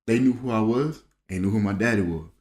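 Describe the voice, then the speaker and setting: A man's voice: fairly low pitch, a little fast. A man co-hosting a casual unscripted chat at home, telling stories animatedly and acting out the voices in them. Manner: animated storyteller, acts out voices. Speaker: podcast co-host.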